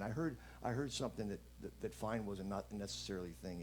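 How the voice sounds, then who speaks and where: A man giving an inspirational message at a church service, playful and animated, joking with the audience as he talks. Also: mid-range voice, fast, hardly any pauses, a little hiss or hum. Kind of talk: lively spoken message.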